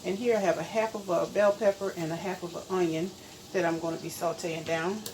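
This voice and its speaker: A woman's voice: on the low side, steady tone, fairly quick, darkish tone, poor audio. Woman, middle-aged, casual cooking vlog, home kitchen, faint background noise. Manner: chatty, homey, addresses viewers as y'all. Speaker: cooking channel host.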